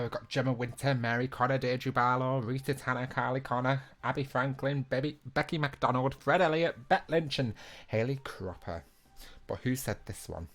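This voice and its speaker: A young man hosting a live online quiz on his own from a small room. He reads the questions in a chatty, relaxed way, keeps the banter going, and jokes about his own efforts. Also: medium pitch. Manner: chatty and self-mocking, laughs at his own attempts at impressions. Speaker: quiz host.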